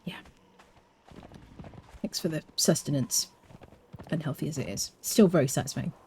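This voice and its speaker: A young English woman talks over her game stream in a low-set voice that swoops up and down with lots of life. She jokes with her chat, then slips into soft, muttered asides, with a faint hum of ambience behind her. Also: animated, moderate pace. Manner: playful, joking, drops into quiet asides. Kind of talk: casual live-stream chat while gaming.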